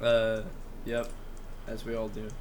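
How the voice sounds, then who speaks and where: A man's voice: on the low side, completely flat delivery, takes it slowly, darkish tone, slight background noise. A man co-hosting a casual podcast among friends, telling a meandering story and swearing casually. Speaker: podcast co-host.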